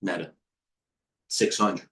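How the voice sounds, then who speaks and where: A middle-aged man hosting a live trading stream, giving casual market commentary in a rambling way, with quick asides, restarts and talking to himself. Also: a bit bright. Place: indoor room with a heater on.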